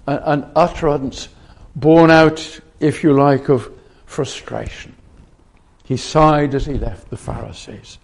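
Gravelly man preaching a sermon. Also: mid-range voice, takes it slowly. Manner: earnest, with frequent restarts and repeated phrases.

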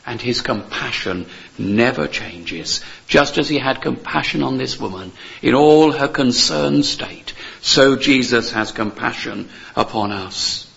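A man's voice: mid-range voice, a little slow, creaky, a bit bright, highs cut off. A man preaching a sermon in an earnest, emphatic way, repeating key phrases and asking rhetorical questions.

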